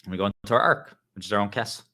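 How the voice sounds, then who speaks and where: A man's voice: lowish voice, racing, sharp tone. A man talking earnestly to his viewers in a rambling monologue, often calling them guys. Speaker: spiritual vlogger.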